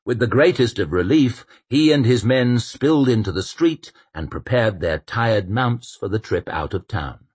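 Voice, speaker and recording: Husky male audiobook narrator. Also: fairly low pitch, dry recording. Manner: measured, expressive storytelling. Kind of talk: scripted narration.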